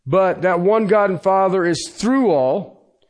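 Slow, emphatic preacher. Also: male voice, high voice. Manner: emphatic preaching with sudden pace shifts and repeated "Okay?". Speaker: pastor. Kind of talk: sermon. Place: church.

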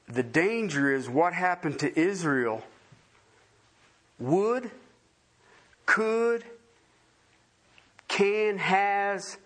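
Man, pastor, sermon, emphatic, repeats lines for stress, slightly high voice. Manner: swings from soft to loud, high emphasis.

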